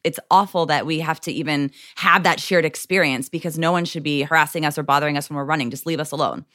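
Earnest low-voiced woman telling stories. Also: fast, dry recording, clean studio sound. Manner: earnest, animated storyteller, acts out quoted lines. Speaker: self-defense expert and guest. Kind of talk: interview, personal storytelling.

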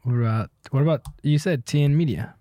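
A man's voice: medium pitch, brisk, warm tone. A man co-hosting a podcast in casual chat, matter-of-fact and dry. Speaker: podcast co-host.

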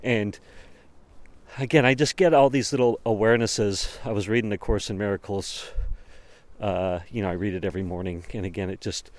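A man's voice: fairly low pitch, steady tone, moderate pace, no echo. A man talking alone in a reflective, rambling monologue, often chuckling and breaking off mid-thought.

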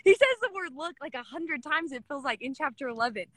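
A woman's voice: high voice, lively intonation, fairly quick, no room sound. A young woman giving a casual, gushing scripture talk, packed with "like" and retelling stories as chatty back-and-forth. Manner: gushing, filler-heavy with constant "like". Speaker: devotional speaker.

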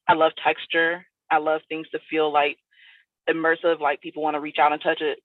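A woman's voice: low-pitched, flat delivery, a little fast, no echo. A woman from South Florida, a guest artist in a casual interview, talking in a loose, rambling way full of fillers. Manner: loose and rambling, many "like" and "you know" fillers. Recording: dry, tinny phone-like line.

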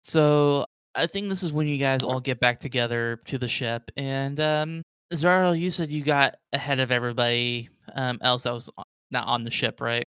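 A man's voice: mid-range voice, normal speed, a bit bright, smooth, no room sound, clean studio sound. A man narrating as game master in a casual tabletop session, playful and full of fillers.

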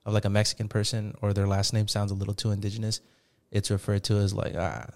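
A man's voice: on the low side, completely flat delivery, quick pace, a little mellow. A man co-hosting a podcast, explaining things hesitantly and searching for words. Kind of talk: casual podcast chat.

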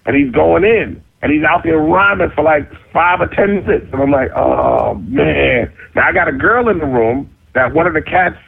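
A middle-aged man telling a story in casual talk, cocky and animated, jumping into high squeaky voices for the people in it. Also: fairly quick, few pauses, husky. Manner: cocky, self-mocking. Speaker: interview guest. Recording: phone-like narrow sound.

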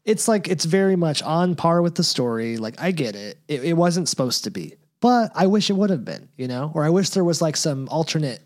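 Man, podcast co-host, sarcastic dry wit, very animated intonation. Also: on the high side, fairly quick, few pauses. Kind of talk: casual chat recapping a TV show.

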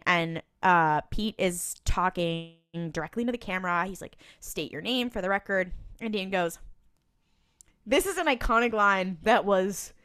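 Recorded studio-clean with no room sound, a woman's clear, resonant, medium-pitched voice recaps a TV episode. As a podcast co-host in casual chat, she's animated, laughs frequently, and quotes lines in lively bursts.

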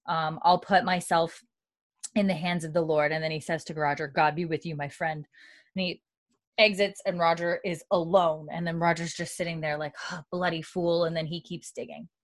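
Woman on a podcast, lowish voice, dry close sound, just chatting through the plot w lots of likes and ums. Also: fairly even intonation, normal speed, no room sound. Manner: retells scenes with many likes and ums, quoting lines in a low, quiet voice. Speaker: podcast co-host recapping a TV episode. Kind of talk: casual recap chat.

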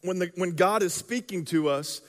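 A man's voice: high voice, moderate pace, in a large hall. A man in his thirties preaching a sermon as pastor, in a casual, conversational way with fillers and little acted asides.

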